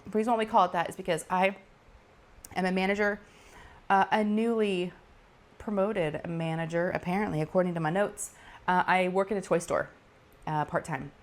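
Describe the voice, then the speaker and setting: A middle-aged woman chats casually at her craft table, telling a story in an animated way and acting out the people in it. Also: lowish voice, moderate pace, pauses often. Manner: animated, laughing, acts out quoted voices. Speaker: diamond painting channel host.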